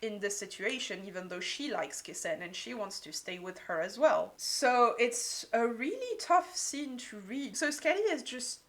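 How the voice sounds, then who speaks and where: A woman's voice: a little high, lively intonation, unhurried, hardly any pauses, fairly bright tone. A woman giving a casual book review, gushing and peppering her talk with "like".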